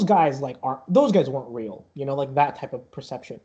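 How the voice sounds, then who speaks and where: A man's voice: mid-range voice, animated, brisk, few pauses, mellow, slightly rough. A man narrating as game master of a tabletop game, rambling with many restarts, on a dull lo-fi recording.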